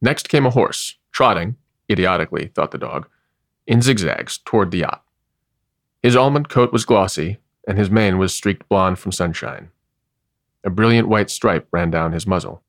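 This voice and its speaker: A man reading a story aloud, measured and wry, with expressive delivery. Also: low-pitched, dry recording, studio quality. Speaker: narrator.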